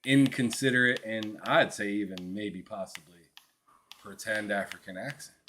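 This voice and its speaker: A man's voice: on the low side, fairly even intonation, moderate pace, pushed and bright, a little hiss or hum. A man co-hosting a casual gaming podcast, joking and teasing, often stumbling over his words. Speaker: podcast co-host.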